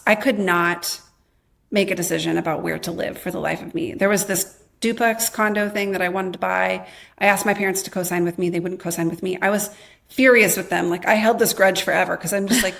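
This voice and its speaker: A woman in her thirties, a podcast guest candidly telling her own life story, quoting her past self in lively bursts with a lot of "like". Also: on the low side, vocal fry. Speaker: podcast guest, memoir author.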